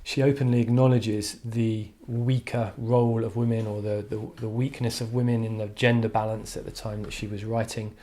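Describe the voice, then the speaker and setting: A man with a fairly low, mellow voice gives an online English literature lesson, speaking flatly at normal speed with few pauses. He's thoughtful, though he hesitates, says "um" a lot, and restarts often.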